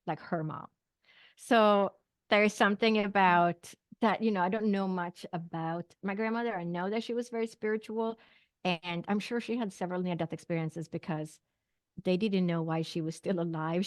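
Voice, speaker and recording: A woman's voice: on the low side, dry recording, studio quality. A middle-aged woman from Sweden, a podcast guest telling a personal story with lots of fillers and acted-out quoted dialogue.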